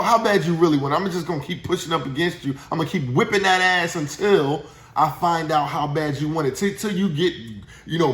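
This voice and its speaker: A man with a slightly high voice gives a casual motivational talk as a sales trainer in an echoey room. He is chatty, leans on tag questions and restarts his sentences often.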